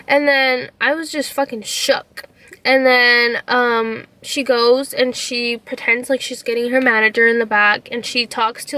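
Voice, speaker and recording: A young woman vlogger telling a story to camera, indignant and animated, with lots of "like" and swearing. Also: a little high. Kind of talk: casual storytime vlog.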